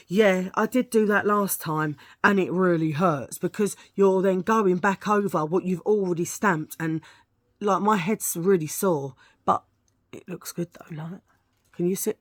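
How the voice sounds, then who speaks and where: A woman's voice: fairly low pitch, measured pace. A middle-aged woman chatting casually and frankly in a beauty product review vlog, rambling from one point to the next. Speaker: beauty vlogger.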